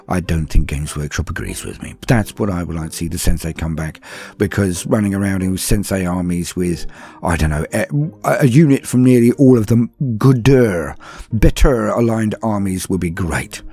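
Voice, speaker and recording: He's a Londoner with a low, mellow voice, running an easygoing podcast where he fields questions from patrons. The talk is loose and chatty, peppered with ums, side remarks and self-mockery.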